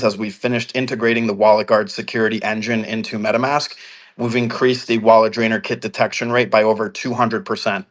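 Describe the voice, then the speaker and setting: A man's voice: mid-range voice, a bit bright. A male guest speaking fluently and upbeat, introducing himself and his work. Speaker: guest, security specialist. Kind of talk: guest chat.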